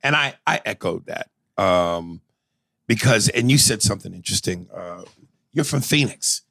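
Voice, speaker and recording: This man's voice is lowish and creaky, at a normal speed and without room sound. As a podcast co-host, he spins loose, foul-mouthed stories in casual chat, acting them out with animated impressions.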